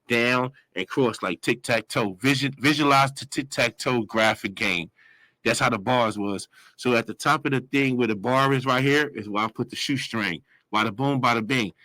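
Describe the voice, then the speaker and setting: A man in his forties tells a long street story in loose slang, rambling and circling back as he goes. He jumps into sudden high yells when he acts out other people. The sound is close and dry. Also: no room sound, low-quality recording. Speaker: guest telling a story. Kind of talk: casual storytelling.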